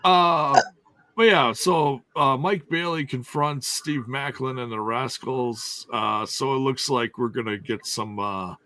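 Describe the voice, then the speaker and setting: A man's voice: mid-range voice, takes it slowly, sharp tone, no room sound. A man hosting a wrestling review podcast, chatting casually and jokingly with lots of fillers. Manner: joking, rambling, with frequent fillers. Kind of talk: casual chat.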